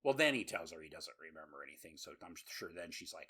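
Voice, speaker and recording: A man's voice: very deep voice, sing-song, fast, sharp tone, husky. A man co-hosting a podcast, recapping a horror movie in rambling, profane casual chat full of laughs. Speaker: podcast co-host.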